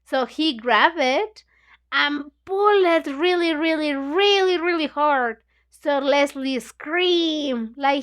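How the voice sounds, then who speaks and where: High-voiced woman teacher, slow and chatty, keeps saying you know like. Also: a bit bright. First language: Spanish. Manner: chatty, says "you know, like" constantly, acts out lines. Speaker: English book club teacher. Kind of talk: retelling a story for learners.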